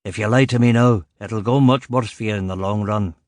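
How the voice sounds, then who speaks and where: A man voicing a gruff, imposing older male police chief superintendent, with a gravelly Glaswegian accent and a blunt, commanding manner. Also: on the low side, fairly quick, darkish tone, dry recording, clean studio sound, close to an everyday voice. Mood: stern.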